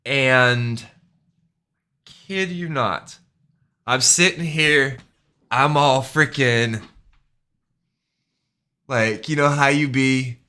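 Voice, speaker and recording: A man's voice: medium pitch, pushed and bright. A man streaming a game, telling rambling, profane stories in casual chat and laughing at himself. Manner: profane, rambling, self-deprecating; fillers and restarts, laughs at himself.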